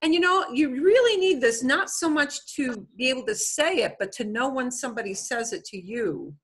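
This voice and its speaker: A woman's voice: sits high, animated, normal speed, a bit bright, husky. A middle-aged woman teaching an online Spanish class in a chatty, explanatory way, with many fillers.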